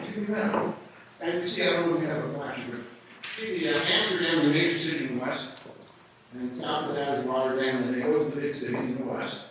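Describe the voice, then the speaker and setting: A man giving a lively live history lecture, often putting questions to his audience. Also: on the high side. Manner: animated, asks the audience questions. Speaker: history speaker at a workshop. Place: indoor event room with audience. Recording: echoey room from far off, faint noise.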